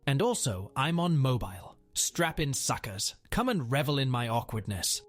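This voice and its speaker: A man's voice: medium pitch, very animated, moderate pace, no room sound, faint music behind. A man narrating a Reddit post aloud in a wry, sardonic manner.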